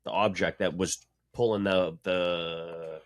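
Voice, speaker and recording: A man with a very deep voice co-hosting a podcast, blunt and profane in relaxed chat. The sound is dry and close, with no room around it. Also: takes it slowly, no echo. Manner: blunt, profane, matter-of-fact. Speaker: podcast co-host. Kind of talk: casual chat.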